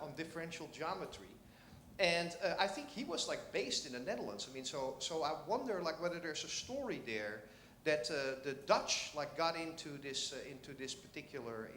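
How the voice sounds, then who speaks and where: A man's voice: fairly high pitch, a bit bright, echoey room, slight background noise. A man in the audience of a conference asking a question, rambling and joking. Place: lecture hall.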